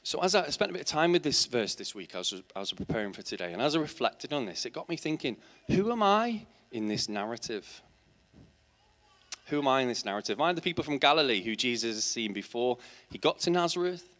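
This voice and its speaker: A man's voice: medium pitch, sing-song, a little fast, fairly bright tone. Man preaching with rhetorical questions. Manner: emphatic, builds to passionate peaks. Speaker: teacher. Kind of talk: sermon. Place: church.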